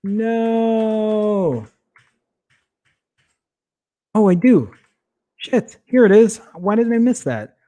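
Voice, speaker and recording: A man's voice: high-pitched, very animated, unhurried, warm tone. Rambling, fumbling male livestream host. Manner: rambling, self-interrupting, apologetic while fumbling with files; mutters and swears under his breath. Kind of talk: casual live-stream chat.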